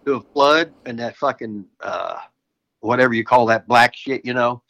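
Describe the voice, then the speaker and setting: A man's voice: medium pitch, normal speed, gravelly, a bit bright, lo-fi sound. An older American man, a retired wrestler, telling rowdy stories as a guest, swearing constantly and laughing mid-sentence. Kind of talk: profane casual storytelling.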